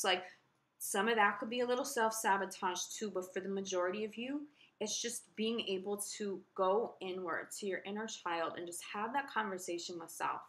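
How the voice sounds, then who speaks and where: Bright-voiced woman reading tarot. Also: mid-range voice, moderate pace. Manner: earnest, reassuring, repeats herself. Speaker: tarot reader. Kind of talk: casual horoscope reading to camera.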